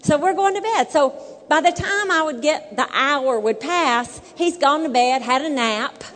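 A woman's voice: high-pitched, lively intonation, unhurried, fairly bright tone, in a large hall. A woman telling a humorous marriage story in a sermon, acting out dialogue and laughing often. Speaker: married couple speaker.

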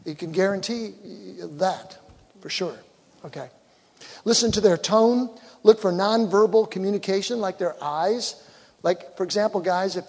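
A man's voice: high voice, husky. A man, a pastor, giving a conversational sermon in church and acting out quoted voices. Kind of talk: sermon on communication. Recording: long reverb of a hall.

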